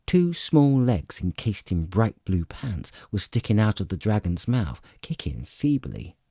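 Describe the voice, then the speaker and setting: A man narrating a fantasy audiobook in a dramatic, expressive storytelling manner, recorded close to the mic. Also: on the low side, a little slow, husky, dry recording.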